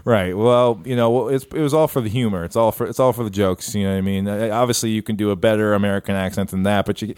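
A man's voice: fairly low pitch, steady tone, fast talker, few pauses, darkish tone, smooth, no room sound, studio quality. A man co-hosting a casual podcast, rambling with lots of fillers and restarts, recorded over an internet call. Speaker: podcast co-host. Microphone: remote call over internet.

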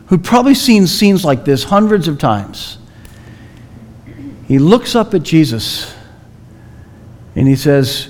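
A man delivers a sermon in a slightly raised voice. He tells the story at a slow, deliberate pace, leaning on long, dramatic pauses. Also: a little high, sing-song. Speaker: preacher.

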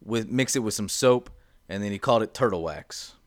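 A man's voice: fairly low pitch, animated, a little fast, dry recording, clean studio sound. A young man in casual chat as podcast cohost, explaining with lots of fillers and restarts. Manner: rambling explainer, many fillers.

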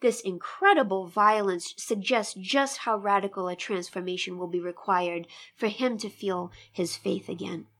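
A woman teaching a poetry lesson in an enthusiastic, engaged way, reading lines aloud with emphatic pauses. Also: medium pitch, fairly bright tone. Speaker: literature teacher. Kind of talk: literary discussion lesson.

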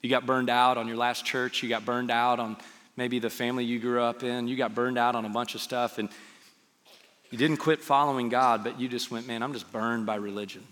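A man preaching a sermon as pastor, acting out quoted voices and dropping into soft, hushed lines. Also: medium pitch, level tone, moderate pace. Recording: reverberant hall with faint music.

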